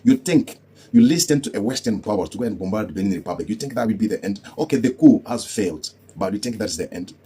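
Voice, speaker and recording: African guy ranting about politics, low raspy voice, scornful, keeps repeating his questions. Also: animated, fast talker, mellow. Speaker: political commentator. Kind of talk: heated political commentary.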